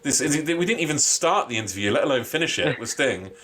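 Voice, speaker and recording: A man co-hosting a podcast in casual chat, ranting with animated, sweary exasperation. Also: medium pitch, a little fast. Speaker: podcast co-host.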